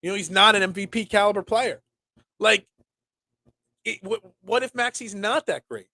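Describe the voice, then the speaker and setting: A young man hosting a casual solo sports talk show, rambling and animated with lots of restarts. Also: high voice, moderate pace, no echo.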